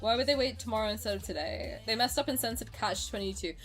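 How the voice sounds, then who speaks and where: A woman streamer casually chatting with her viewers and reacting to their comments. She is excitable, swears freely and laughs often. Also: fairly high pitch, fast talker, gravelly, faint music behind.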